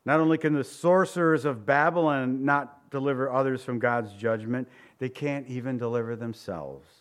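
A middle-aged pastor preaching a sermon in a conversational way, mixing humorous personal stories with scripture. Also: male voice, mid-range voice, steady tone, moderate pace.

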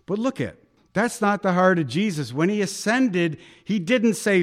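A man preaching a sermon as pastor, lively and conversational, acting out quotes and laughing along. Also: sits high, moderate pace.

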